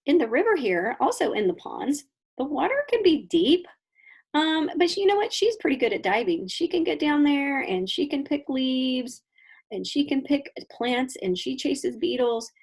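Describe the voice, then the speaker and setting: Lively kindergarten teacher, gravelly and husky. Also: female voice, sits high, moderate pace. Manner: animated, questioning storybook voice for children. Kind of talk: reading a picture book aloud with explanations.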